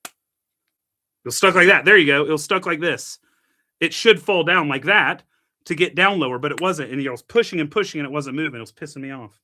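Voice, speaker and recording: A young man hosting a casual coffee-brewing vlog, chatty and quick to grumble at his equipment with mild curses. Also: on the high side, pushed and bright. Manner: chatty, mild cursing, gets frustrated with gear. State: annoyed. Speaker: coffee channel host.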